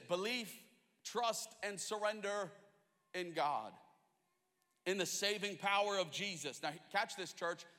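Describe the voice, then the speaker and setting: A man's voice: high voice, a bit bright. A man in his thirties from Australia with an American accent, preaching an impassioned, rhythmic sermon in a large church. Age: 30s. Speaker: pastor. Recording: echoey large hall.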